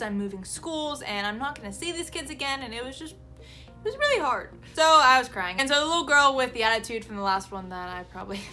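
A woman in her twenties, an elementary school teacher, telling classroom stories in a casual vlog. She is animated, laughs often and acts out the kids' lines. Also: medium pitch.

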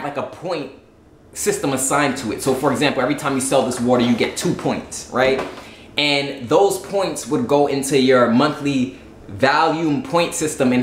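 Speaking at a medium pitch in a roomy space with slight hiss or hum, this Southern-accented man hosts a YouTube explainer on a sales plan. He's casual, blunt and pushy like a salesman, repeatedly checking in with "right?" and "you get what I'm saying."

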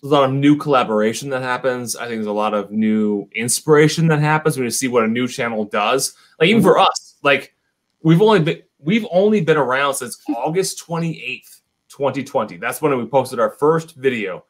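A tipsy man talking over a video call on a whiskey stream, upbeat and chummy, throwing in a friendly "buddy" as he talks. His voice sits at an ordinary middle pitch, loose and easygoing. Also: moderate pace. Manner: enthusiastic, chummy, calls people buddy. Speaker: whiskey YouTube co-host, guest. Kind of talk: casual livestream chat.

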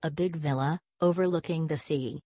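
A woman's voice: low-pitched, normal speed, dark tone, dry recording, studio quality. A woman reading the part of a polite, helpful townsman giving directions in an audiobook.

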